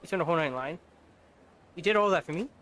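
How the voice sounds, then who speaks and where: A man's voice: on the high side, lively intonation, racing, pushed and bright, a little hiss or hum. A man voicing a young woman, an emotional girlfriend in a video game, speaking in an earnest, pleading way. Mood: touched. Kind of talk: reading game subtitles aloud in voices.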